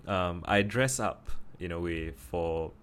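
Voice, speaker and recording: A man's voice: deep voice, takes it slowly, fairly bright tone, a little hiss or hum. A man from Singapore with a Singaporean English accent, talking casually to camera and thinking aloud with many restarts. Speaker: vlogger.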